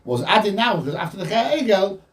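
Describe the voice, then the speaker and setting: A man giving an informal Torah class, quoting Hebrew texts and explaining them in with lively energy. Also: sits high, fairly quick. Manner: animated, quotes Hebrew texts then explains in English. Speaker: rabbi teaching a Torah class. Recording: voice from a distance from the mic.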